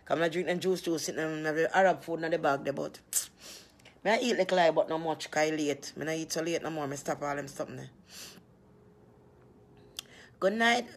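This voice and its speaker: A woman's voice: low-pitched, normal speed, pauses often. A woman chatting casually with her viewers, teasing and laughing often.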